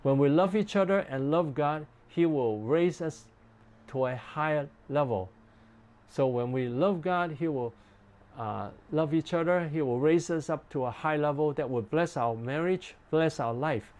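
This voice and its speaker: A pastor leads a ministry training talk using simple, repeated phrases and lots of "uh" fillers. Now and then he acts out the gentle questions a spouse might ask. His voice is fairly high, and he speaks a little slowly.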